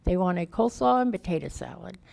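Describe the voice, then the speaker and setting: Gravelly-voiced woman giving raw testimony. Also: on the low side, animated, brisk, a little mellow. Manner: candid and plain-spoken, folksy grammar; emotional, raw storytelling. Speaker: guest speaker. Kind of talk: personal recovery testimony.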